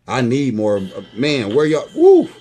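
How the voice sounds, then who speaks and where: A man's voice: medium pitch, brisk, a little mellow, breathy edge. A man in his forties giving a casual, profane monologue to his viewers, lecturing them and tagging lines with "boy" and "you know what I mean". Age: 40s.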